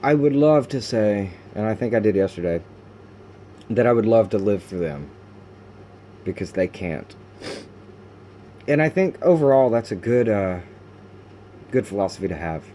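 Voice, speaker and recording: A man recording a confessional video diary at home, talking in halting, raw bursts with many restarts and fillers, frustrated and sometimes cursing. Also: fairly low pitch, lively intonation, mellow, a little hiss or hum. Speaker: video diarist.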